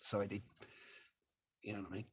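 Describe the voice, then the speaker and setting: A man's voice: lowish voice, flat delivery, a little fast, slightly rough. An Australian man chatting crudely on a livestream, swearing heavily and laughing often as he talks. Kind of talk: crude rambling livestream chat.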